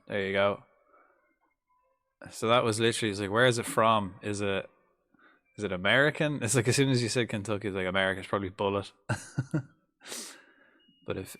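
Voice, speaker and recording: A young man with a fairly low voice, talking casually through a live game stream. He mutters half-finished thoughts, swears when things go wrong and chats back to his viewers. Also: a bit bright.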